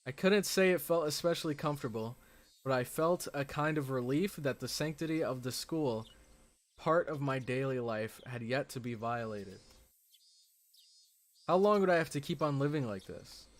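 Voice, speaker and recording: A man streaming a visual novel, reading its text aloud and chatting excitedly between passages with frequent "like" fillers. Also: medium pitch, normal speed. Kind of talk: reading game text aloud with casual commentary.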